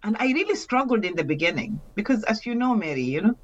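Podcast guest: woman from Kenya, lively chatty delivery, breathy, muffled lo-fi recording. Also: mid-range voice, fast talker. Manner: chatty, filler-heavy, laughs often. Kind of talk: casual interview chat. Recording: muffled lo-fi sound.

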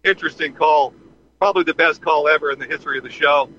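A man tells a rambling story in a casual, unscripted way, stumbling over fillers and restarts. His voice sits a little high and bright. The sound is dull and lo-fi, like a call coming from underground. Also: fast talker. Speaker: podcast host. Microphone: phone call from underground.

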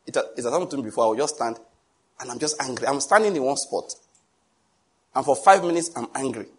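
Husky, jovial middle-aged male preacher. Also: medium pitch, fast talker. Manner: jovial, chuckling storyteller; teasing, animated asides. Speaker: pastor. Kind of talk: sermon.

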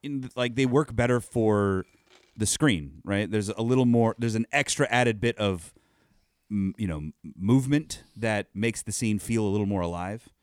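A man's voice: lowish voice, moderate pace, no echo, studio quality. A man in his thirties co-hosting a casual chat, joking, laughing often and swearing. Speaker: podcast co-host.

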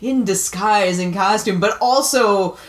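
A woman's voice: medium pitch, measured pace. Giggly woman chatting in an echoey room. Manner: chatty and giggly, with frequent restarts. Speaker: podcast co-host. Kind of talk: casual movie-discussion chat.

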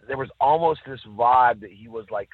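A man co-hosting a casual chat, telling stories with lively acted-out quotes. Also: medium pitch, moderate pace, husky, no room sound. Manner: animated storyteller, acts out quotes. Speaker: podcast co-host. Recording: dry, tinny phone-like sound.

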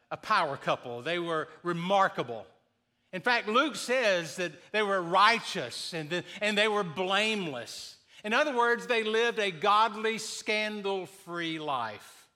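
A man in his sixties preaching a sermon, earnest and deliberate, sometimes restarting his sentences. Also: sits high, sharp tone. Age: 60s. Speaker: pastor.

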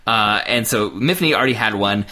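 A man co-hosting a podcast, recapping a story in a casual, giggly, animated way full of fillers. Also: fairly low pitch, fairly quick. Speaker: podcast co-host. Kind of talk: casual chat.

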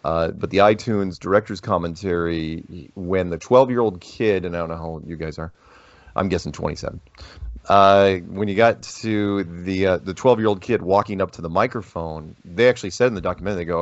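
A man as an interview guest, talking casually and telling rambling, animated stories with many restarts. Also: low voice, brisk, no echo. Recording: dull lo-fi dry audio.

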